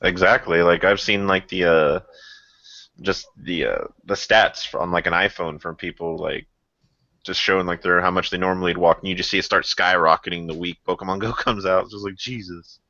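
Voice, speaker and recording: A man's voice: low-pitched, steady tone, normal speed, bright, forceful tone, dry recording. A young man hosting a casual podcast, rambling through stories with lots of fillers and frequent laughter. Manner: laughs often, rambling storyteller with many fillers. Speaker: podcast host. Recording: muffled lo-fi podcast audio.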